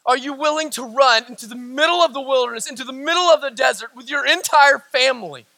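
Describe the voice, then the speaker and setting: A middle-aged man preaching a sermon in a church, building with emphatic repetition and dropping low and quiet for stories. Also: fast talker, vocal fry, no echo. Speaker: pastor.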